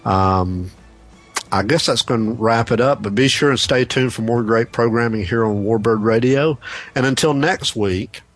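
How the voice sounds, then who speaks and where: A man's voice: medium pitch, normal speed, soft background music. A man hosting a casual radio talk show, rambling and repeating words as he talks.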